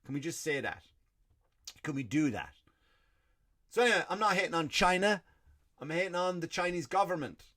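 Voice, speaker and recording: A man's voice: fairly high pitch, lively intonation, moderate pace, pauses often, pushed and bright. Ranting, foul-mouthed Irish man. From Ireland. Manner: profane, ranting, self-answering asides. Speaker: comedy podcast host. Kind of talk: stand-up style rant.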